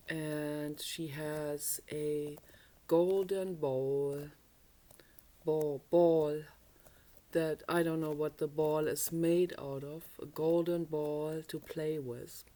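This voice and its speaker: A woman telling a personal story in a loose, chatty way, often correcting herself mid-thought. Her voice sits low, and she talks at an unhurried pace. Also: mellow. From Germany. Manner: rambling, self-correcting, chatty. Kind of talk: casual storytelling.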